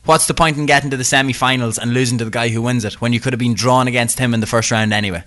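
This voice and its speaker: A man's voice: medium pitch, fairly even intonation, rapid-fire, fairly bright tone. A young Irish man co-hosting a podcast, chatty and jokey, talking himself up. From Ireland. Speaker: podcast co-host. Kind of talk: casual podcast chat.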